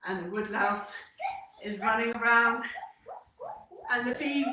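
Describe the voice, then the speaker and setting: A young woman leading a children's workout, telling a story with upbeat, animated encouragement. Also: fairly high pitch, unhurried, pauses often, slight background noise. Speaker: kids' fitness instructor. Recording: echoey room, distant mic.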